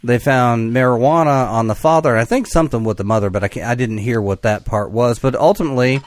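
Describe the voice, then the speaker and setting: Man, podcast co-host, measured and wry, hedges a lot, dry close sound. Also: mid-range voice, dry recording. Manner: measured, wry, hedging asides. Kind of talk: casual conversation.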